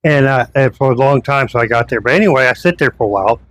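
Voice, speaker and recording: A man's voice: mid-range voice, fast, a bit bright. A man vlogging casually to camera, recounting events with indignation and frequent restarts. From foreigner living in the Philippines.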